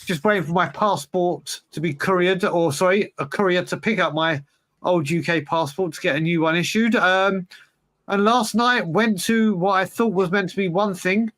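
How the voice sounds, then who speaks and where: A man's voice: sits high, moderate pace, fairly bright tone. A man co-hosting a podcast, telling a rambling, wry story in casual chat. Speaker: podcast co-host.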